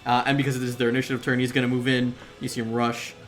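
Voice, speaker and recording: A man's voice: mid-range voice, completely flat delivery, very fast. A young man narrating as game master, casual and chuckling, with many fillers.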